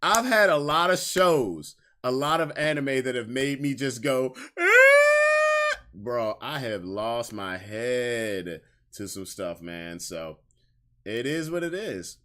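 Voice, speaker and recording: A man's voice: medium pitch, lively intonation, slow pace, a bit bright. A young man hosting a casual podcast stream, talking candidly in slang and repeating lines for emphasis. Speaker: podcast host. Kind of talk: casual livestream chat.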